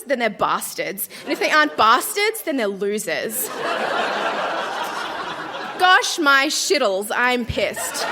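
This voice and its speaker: A woman's voice: sits high, sharp tone, slight background noise. A woman in her thirties reading her teenage diary aloud on a live stage, melodramatic and breaking into laughter. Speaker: guest reader.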